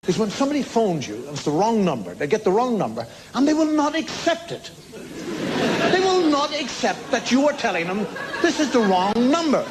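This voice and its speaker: High lively voice, man ranting through a stand-up bit, noisy live tape. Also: a little fast. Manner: exasperated storytelling, acts out both sides. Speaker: stand-up comedian. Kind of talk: stand-up routine.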